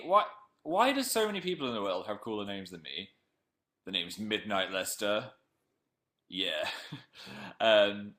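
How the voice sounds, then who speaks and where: Playful young man hosting a home webcam stream. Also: medium pitch. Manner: playful, jokey, bursts of excited greetings. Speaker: livestream host. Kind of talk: casual livestream chat, reading viewer comments. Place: at home, indoors.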